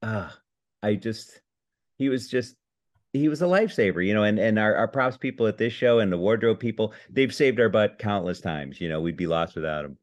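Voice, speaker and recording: Low-voiced man chatting from home. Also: animated. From Indiana. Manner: self-deprecating, halting with restarts and laughs. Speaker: podcast guest, comedy writer. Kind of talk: casual interview chat. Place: his home.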